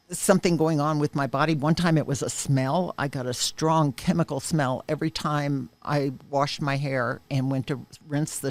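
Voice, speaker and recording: A woman whose voice sits low tells her own story in an interview, with no room sound in the recording. It's earnest, emotional storytelling, marked by vivid and emphatic moments.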